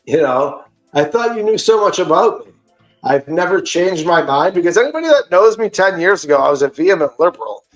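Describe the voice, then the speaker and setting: A podcast host, a man, retelling an online argument in a casual, animated and profane way. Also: high-pitched, brisk, reverberant, soft background music, low-quality recording. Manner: animated, profane, indignant storytelling.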